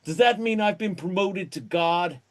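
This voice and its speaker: A mellow surfer-dude angel drawls through easygoing, breezy lines, sounding a touch higher than the average man. A man puts him on as a quick improv bit. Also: natural voice. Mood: laid-back.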